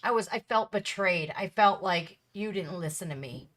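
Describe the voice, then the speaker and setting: A woman's voice: fairly low pitch, animated, moderate pace, fairly bright tone. A woman in her thirties hosting a reaction video, talking candidly and bluntly in a casual, emphatic way.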